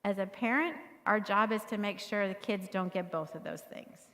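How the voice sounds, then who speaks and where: A woman's voice: mid-range voice, normal speed, fairly bright tone. A middle-aged woman leading a parenting workshop, talking conversationally to the audience and often checking in with "right?". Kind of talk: live workshop talk to an audience. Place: church meeting room. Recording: long hall reverb.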